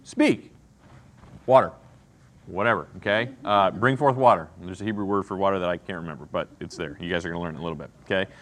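A man's voice: low-pitched, quick pace, fairly bright tone. A man teaching an interactive Bible lesson, asking the class questions and often checking in with "okay?" and "right?".

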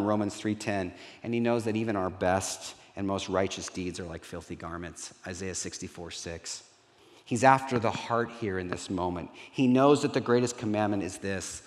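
A middle-aged man, a pastor, preaching a sermon in an earnest way that turns lively when he acts out dialogue. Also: lowish voice. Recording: reverberant hall.

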